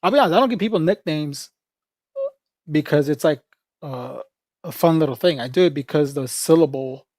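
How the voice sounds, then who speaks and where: A man's voice: fairly high pitch, moderate pace, darkish tone, no room sound, clean studio sound. A man livestreaming in a casual, rambling chat, joking with viewers, laughing often and calling people "bro".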